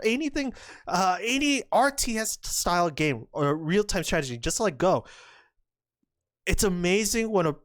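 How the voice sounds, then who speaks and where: A young woman giving excited commentary on a board game, gushing and exclaiming as she acts out the players' imagined thoughts. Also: mid-range voice, dry recording, studio quality.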